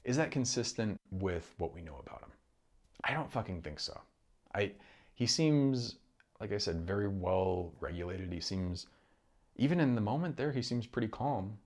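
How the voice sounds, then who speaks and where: Low-voiced man musing aloud. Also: lively intonation, darkish tone. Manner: rambling, halting, many restarts and profanity. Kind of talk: casual monologue. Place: home room.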